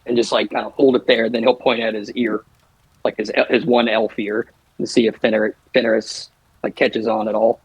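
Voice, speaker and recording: A man playing a tabletop game, calmly describing what his character does. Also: lowish voice, moderate pace, breathy edge, no room sound, dull audio. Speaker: player.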